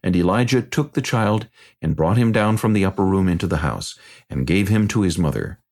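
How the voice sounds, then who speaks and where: Deep gravelly male scripture narrator. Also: fairly quick, a little mellow.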